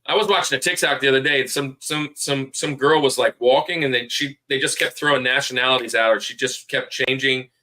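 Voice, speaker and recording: A man's voice: mid-range voice, steady tone, fairly quick, hardly any pauses, bright, forceful tone. A man hosting a podcast in casual chat, rambling and repeating himself as he plugs friends. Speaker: podcast host.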